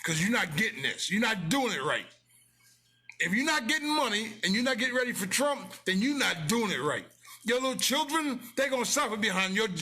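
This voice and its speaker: Man, high voice, bright and sharp tone, blunt preachy rant, repeats himself for emphasis. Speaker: business owner promoting his company. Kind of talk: casual motivational rant.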